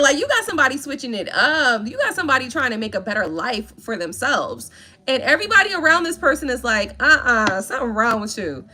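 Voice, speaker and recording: Sassy, lively woman tarot reader. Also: high-pitched, slight background noise. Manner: sassy, playful, full of slang. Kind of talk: casual tarot reading.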